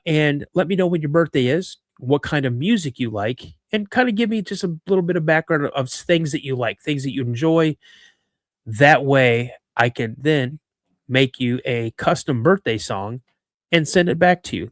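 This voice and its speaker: A man hosting a podcast, telling a story in an animated way with frequent restarts and asides. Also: mid-range voice, dry recording, studio quality. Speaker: podcast host.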